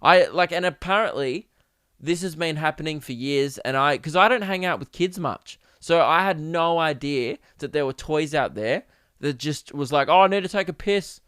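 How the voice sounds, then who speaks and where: A young man from Australia rambling through a casual comedic podcast monologue, animated and swearing freely. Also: on the high side, moderate pace, clean tone, no echo, studio quality. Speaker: podcast host. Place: home podcast setup.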